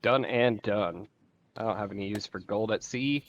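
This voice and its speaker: A man playing a tabletop role-playing game, talking in a relaxed, casual way. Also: on the low side, moderate pace, dry recording, highs cut off. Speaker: player.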